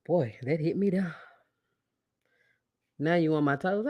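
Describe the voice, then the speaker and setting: A woman's voice: fairly low pitch, expressive, takes it slowly, no echo, highs cut off. A woman hosting a podcast, giving a preachy, motivational monologue with call-and-response lines and frequent laughs. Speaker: podcast host.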